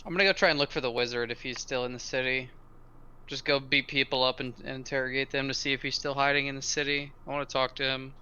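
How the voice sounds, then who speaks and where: A man's voice: medium pitch, steady tone, fast, bright, forceful tone, clear, resonant tone, lo-fi sound. A man playing a tabletop game in laid-back, slangy casual chat. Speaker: player. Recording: faint background noise.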